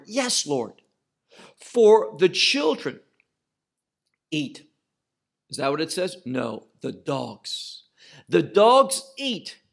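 Going verse by verse through a Bible passage, a man teaches slowly and emphatically, questioning and then answering himself. His voice sits high and sounds a bit bright.

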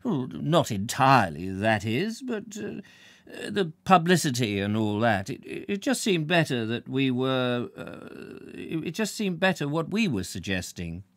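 A man doing a sly, soft-spoken lodger. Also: medium pitch, very animated, unhurried, no echo, voice pushed up. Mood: hesitant. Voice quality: soft, smooth. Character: smooth, sly middle-aged male lodger.

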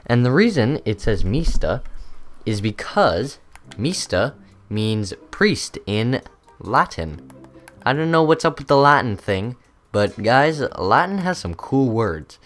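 Slow and a little bright, a young gaming channel host talks casually through his gameplay, filling gaps with ums and uhs. His medium-pitched voice swings widely in pitch, and faint music plays in the background.

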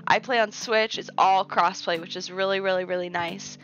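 A chatty American woman streaming live, her medium-pitched voice wandering through thoughts with plenty of "like" and "um" as she answers her chat. The audio is dull and lo-fi, with faint music playing underneath. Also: fairly even intonation, moderate pace, fairly bright tone. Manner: chatty and rambling, heavy with "like" and "um". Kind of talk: casual live-stream chat, reading chat aloud. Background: faint background music.

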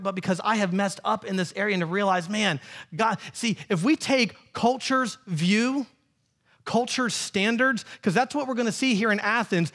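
A man in his thirties, a pastor preaching a lively sermon and acting out quotes in playful voices. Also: high voice. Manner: animated, acts out quotes in funny voices. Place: church sanctuary.

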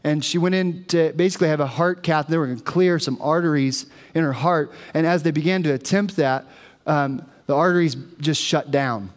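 A man's voice: fairly high pitch, moderate pace. A man preaching a sermon in a church, telling stories animatedly to the congregation. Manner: animated storytelling, addressing the congregation. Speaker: pastor. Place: church sanctuary. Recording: long reverb of a church hall.

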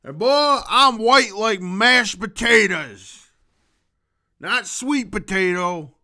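A man with a high, bright voice hosts his own comedy vlog in a loose, rambling monologue. He takes his time over every phrase, jumping from loud outbursts to quiet asides, and his tone stays sharp and ringing throughout. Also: expressive, takes it slowly. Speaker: vlogger.

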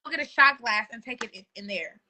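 Bright-voiced young woman, teasing softly. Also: fast talker. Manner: teasing, laughing, low-key. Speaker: friend on the livestream. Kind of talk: casual chat on a livestream. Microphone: phone on a live video call.

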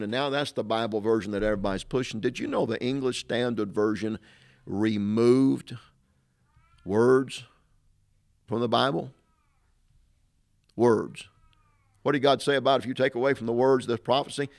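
A middle-aged male pastor preaching in an emphatic, repetitive way. He leans on rhetorical questions and circles back to the same points. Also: medium pitch. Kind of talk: sermon-style teaching talk.

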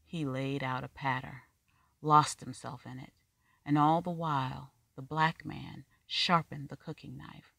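A reader narrating a short story in a measured, wry storytelling manner. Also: mid-range voice, little pitch movement, creaky, fairly bright tone, no echo. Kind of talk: scripted fiction narration.

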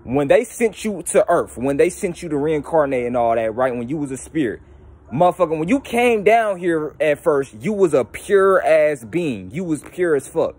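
A young man hosting his own channel, talking casually and profanely about spiritual ideas, animated and slipping into mocking voices. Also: a little high, moderate pace, breathy edge. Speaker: YouTube channel host.

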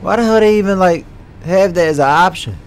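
A man's voice: sits high, a little fast, clear, resonant tone. A young man commenting live as he plays a horror game, jumpy, swearing often and talking straight to his viewers. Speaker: gaming streamer.

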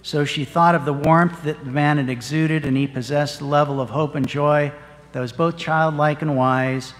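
A parish priest giving a sermon, telling a story in an earnest, measured way. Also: male voice, a little high, fairly even intonation. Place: church. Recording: long church reverb.

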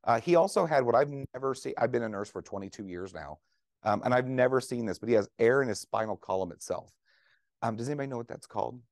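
Fast, chatty male nurse lecturer. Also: medium pitch, animated, darkish tone, no echo, studio quality. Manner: conversational, jokey, asks audience questions. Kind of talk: conference lecture to clinicians.

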